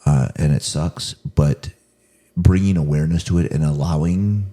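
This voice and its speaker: A man co-hosting a podcast, talking in an impassioned, halting way and often repeating himself. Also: a bass voice, fairly even intonation, mellow. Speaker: podcast co-host. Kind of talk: emotional podcast chat.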